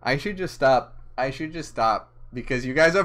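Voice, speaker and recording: This livestream host is drunk, giggly and easily flustered, slurring as he rambles in live chat and reads out what viewers write, from a chilly room indoors. His medium-pitched voice is expressive and fairly bright, at a moderate pace with hardly any pauses.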